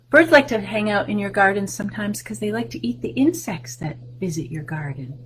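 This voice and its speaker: A woman reading a picture book to young children, coaxing guesses and praising them, with soft whispered sound effects. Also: mid-range voice, sing-song, moderate pace, a little hiss or hum, poor audio. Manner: sing-song, coaxing, asks questions then praises guesses. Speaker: children's librarian.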